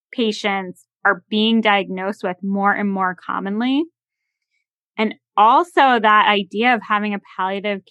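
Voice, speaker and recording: A woman's voice: medium pitch, pushed and bright, dry recording. A woman hosting a talk show, upbeat as she sums up and leads into a break. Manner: upbeat, wrapping up toward a break. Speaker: host.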